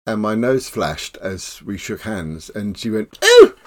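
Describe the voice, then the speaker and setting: An older man, a professional clown telling stories in a relaxed interview. He laughs often and acts out the voices in his tales. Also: on the low side, measured pace. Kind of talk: casual storytelling interview.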